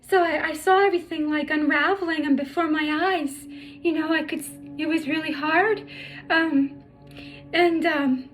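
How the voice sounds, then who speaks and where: A middle-aged woman telling her life story through tears, halting and full of restarts. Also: high voice, fairly even intonation, fairly bright tone, faint music behind. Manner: halting, emotional, many restarts. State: tearful. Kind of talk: personal storytelling vlog.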